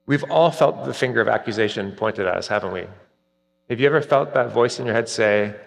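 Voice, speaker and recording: A man preaching a sermon earnestly, rising for emphasis and dropping soft at key points. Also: medium pitch, lively intonation, a little fast, creaky. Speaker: pastor. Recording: long reverb, hall-like.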